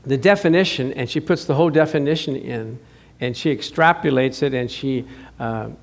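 A man's voice: medium pitch, moderate pace. A middle-aged man preaching a sermon as pastor, chatty and joking with his congregation, rising to emphatic declarations.

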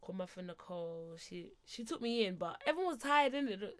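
A young woman, co-hosting a podcast and telling a story in a casual, animated, slangy way with bursts of laughter. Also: medium pitch, fairly quick. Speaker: podcast co-host.

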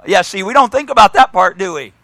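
A man preaching a sermon, retelling a scripture story in lively everyday speech and often repeating his words. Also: high-pitched, fast talker, creaky, no room sound.

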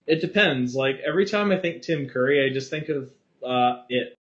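A man's voice: mid-range voice, animated, normal speed, a bit bright. A man talking as a podcast guest in casual chat, rambling and hesitant with a self-mocking tone. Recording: dull lo-fi podcast audio.

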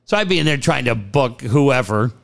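A man hosting a sports radio show, telling profane, animated stories and laughing often. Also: medium pitch, moderate pace, gravelly. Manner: profane, animated storyteller who laughs a lot. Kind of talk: casual sports radio banter.

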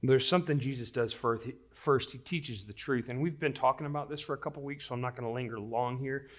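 A man preaching a sermon, moving from a quiet, earnest prayer into lively storytelling to his congregation. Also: mid-range voice, quick pace. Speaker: pastor.

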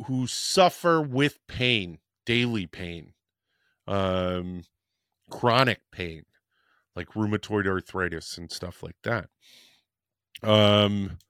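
A man hosts his podcast and tells a personal story in a candid, rambling way, swearing now and then. He speaks slowly and takes his time. His voice sounds dry and close, with no room echo. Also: lowish voice. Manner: frank, rambling, swears casually. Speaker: podcast host.

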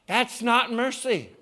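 A male preacher delivering a sermon in an unhurried, expressive voice that runs high and leaps across a wide range. He moves between quiet, hushed stretches and loud, emphatic peaks. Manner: dramatic swings from hushed to shouting. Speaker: pastor.

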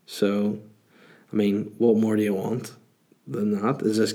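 A man's voice: on the low side, flat delivery, measured pace, dark tone. A Northern Irish man in his thirties hosting a podcast, chatting casually and joking through rambling anecdotes while answering listener questions. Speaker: podcast host.

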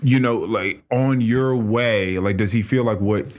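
A man's voice: on the low side, unhurried, darkish tone. A man hosting a casual podcast chat who asks curious, probing questions.

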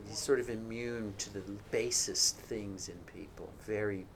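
A man with a low voice speaks on a live panel, reflective and a little hesitant. A faint noise sits under the recording. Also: fairly even intonation, normal speed.

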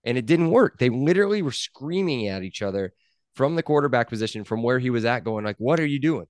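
A man's voice: mid-range voice, lively intonation, quick pace, no room sound, clean studio sound. A man co-hosting a sports podcast, arguing his points in casual chat and repeating himself for emphasis. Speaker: podcast co-host.

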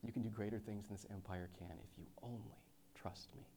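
A man preaching a sermon, reading scripture aloud and then explaining it in a lively, conversational way with quick asides. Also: fairly low pitch, noisy background. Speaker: pastor.

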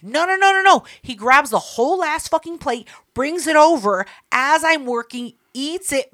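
A woman co-hosting a podcast, telling a profane story in casual banter with sudden loud outbursts. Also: a little high. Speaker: podcast co-host.

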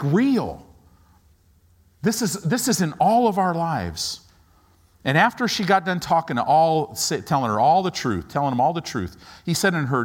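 A middle-aged man preaching a sermon, dramatically acting out Bible characters in different voices. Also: husky. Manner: dramatic, acts out Bible characters with swinging pitch. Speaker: pastor.

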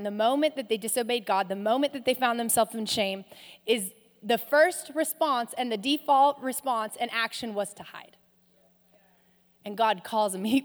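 A woman pastor preaching a sermon, passionate, swinging from loud rises to soft, hushed drops. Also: on the high side. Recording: long hall reverb.

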